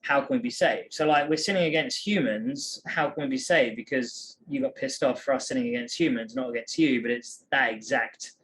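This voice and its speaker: A man's voice: mid-range voice, fairly quick, few pauses, a bit bright. A British man co-hosting a casual Bible podcast, talking in a playful, easygoing way and reading verses aloud. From Britain. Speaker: podcast co-host, father. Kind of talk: casual chat about the Bible.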